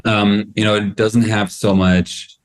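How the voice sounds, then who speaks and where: Low-voiced man explaining his product. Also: little pitch movement, slow pace. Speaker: tech company representative. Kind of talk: panel discussion.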